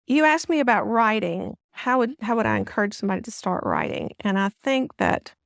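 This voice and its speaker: A friendly woman with a Southern US accent talks as a guest in a casual interview, circling back on her words as she goes. Her voice has a gravelly edge, and the recording is dry and close. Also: medium pitch, sing-song, brisk, no echo. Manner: friendly, chatty, with frequent restarts and fillers. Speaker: guest author.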